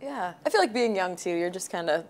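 A woman's voice: fairly low pitch, expressive, brisk, a little hiss or hum. A woman hosting a casual interview, asking playful, teasing questions. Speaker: interviewer host.

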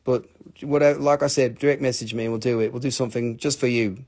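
A man hosting a live rock and mineral sale, chatting casually. He talks fast, rambles with excitement and swears freely. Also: medium pitch. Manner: talks fast when showing items. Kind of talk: live sales stream, casual chat.

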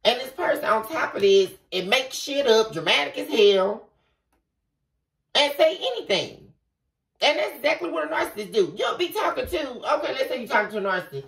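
A woman's voice: high-pitched, moderate pace, vocal fry. A woman giving a tarot reading, talking bluntly with a lot of swearing and ranting. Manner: blunt, profane, animated ranting. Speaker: tarot reader. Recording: roomy, from a distance.

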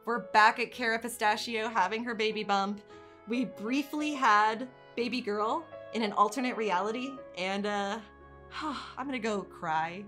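A woman hosting a casual let's-play, chatting through her game and reacting loudly, swinging from calm narration to panicked dismay. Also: on the high side, normal speed, faint music behind. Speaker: gaming channel host.

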